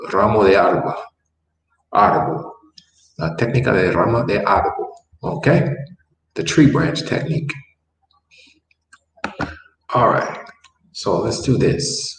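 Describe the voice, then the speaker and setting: A man teaching a Spanish lesson, patiently repeating words and explaining step by step. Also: fairly low pitch. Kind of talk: classroom language lesson. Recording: echoey room, mic far off, faint background noise.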